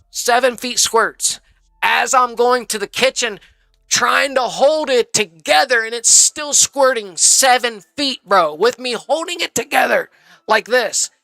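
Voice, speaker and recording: A man's voice: very high voice, creaky, pushed and bright, no room sound, studio quality. A man rambling through a casual, profane story on a live stream, saying "bro" constantly.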